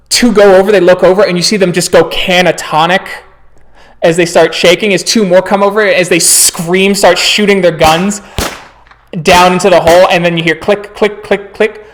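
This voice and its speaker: A man's voice: sits high, steady tone, moderate pace. Male storyteller narrating graphic action. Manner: vivid, graphic descriptions with sound effects. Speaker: game master. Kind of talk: narrating a tabletop game.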